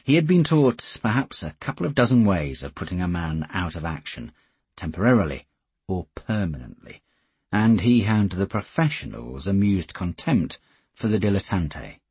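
A man narrating an audiobook in a steady, measured way. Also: deep voice, husky, no echo.

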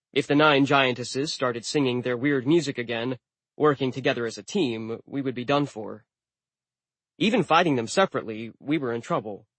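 A man reads a first-person novel aloud in scripted narration, mid-pitched and even. His delivery is wry and deadpan. The recording is dry and close. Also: no echo. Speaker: audiobook narrator.

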